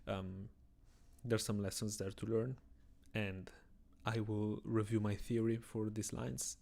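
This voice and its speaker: A young man from Italian-speaking Switzerland, a native Italian speaker, talks through his chess games on a live stream. His voice is low and gravelly, worn out, and kept quiet so as not to wake anyone nearby. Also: flat delivery, slow. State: tired. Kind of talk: casual live-stream chat while analyzing chess.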